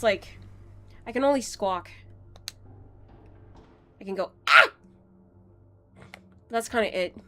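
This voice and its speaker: A woman's voice: a little high, slight background noise. A young woman streaming a game, chatting casually and rambling with playful asides. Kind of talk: casual gaming stream chat.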